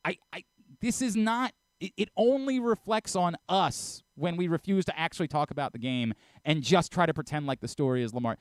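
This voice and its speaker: A man talking in a heated sports radio argument, lecturing and exasperated, often stumbling over his words as he restarts sentences. His pitch swings widely from high to low as he presses his point. The studio sound is dry and close. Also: animated, a little fast, a little mellow, no room sound. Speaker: radio host and programming director.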